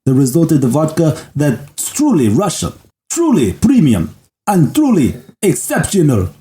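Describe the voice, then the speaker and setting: A man's voice: a little high, wildly swooping pitch, measured pace, warm tone, roomy sound, pitched above the performer's own voice. A man doing a mock-Russian male announcer for a vodka ad, overblown and salesy.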